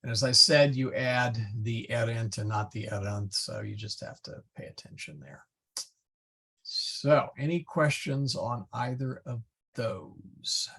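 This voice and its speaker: A man teaching a Latin class, explaining slowly and patiently with many fillers. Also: medium pitch, lively intonation, gravelly, a bit bright, husky. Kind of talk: online class lecture.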